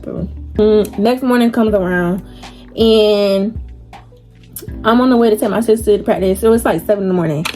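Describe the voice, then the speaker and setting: A woman's voice: medium pitch, mellow. A young woman telling a story casually while doing her makeup, chatty and slangy, laughing often. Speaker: vlogger.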